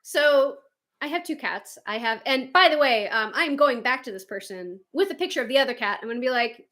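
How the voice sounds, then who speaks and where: Woman, livestream host, casual chat, fairly high pitch, sharp bright tone, animated. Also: fairly quick. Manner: animated, chatty, swears casually, laughs often. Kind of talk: casual chat reading viewer comments.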